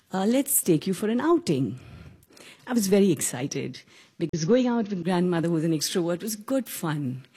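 A woman in her forties from Mumbai with an Indian accent, telling a personal story live on stage in a halting, earnest way with soft pauses. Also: on the low side, breathy edge. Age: 40s.

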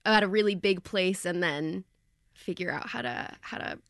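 A woman actor answering interview questions in a lively way, pausing to search for words. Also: lowish voice, gravelly, no room sound, studio quality.

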